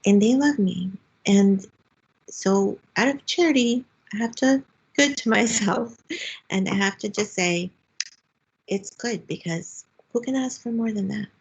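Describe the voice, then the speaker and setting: A woman guest on a talk show, speaking in a warm, encouraging way and laughing softly as she talks. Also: mid-range voice, a little slow, breathy edge, rough recording. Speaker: guest author. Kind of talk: casual faith-based interview chat.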